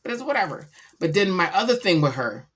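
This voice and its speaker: A middle-aged woman chatting casually about her daughter, animated and slangy as she tells stories. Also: on the low side, brisk, slightly rough. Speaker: vlogger, mother. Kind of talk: casual chat.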